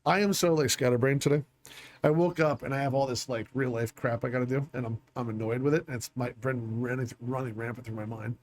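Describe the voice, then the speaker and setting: Speaking quickly in a mid-range voice, a man plays a video game and plans aloud, muttering to himself in a relaxed, scattered way. This let's play commentary carries some frustration and light swearing.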